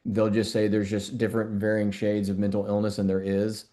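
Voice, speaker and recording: A man's voice: fairly low pitch, completely flat delivery, brisk, warm tone. A middle-aged man, a doctor being interviewed, talking earnestly and repeating words as he thinks. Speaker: functional medicine doctor, guest. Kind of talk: conversational interview.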